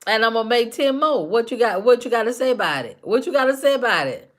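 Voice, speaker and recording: A woman's voice: a little high, expressive, quick pace. A woman hosting a casual live stream, talking back to her chat commenters by name with teasing, repetitive banter.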